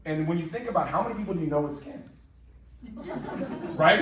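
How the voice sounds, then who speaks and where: A man in his fifties giving an energetic, repetitive motivational sales presentation to a live audience in a large room, rallying the crowd. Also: on the high side, a little fast. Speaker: company presenter. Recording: very echoey hall, mic far off.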